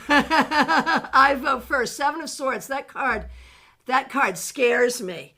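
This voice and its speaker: A woman teaching a live online tarot workshop, reading out viewers' comments, animated and laughing often, with many fillers and restarts. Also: high voice, slow pace.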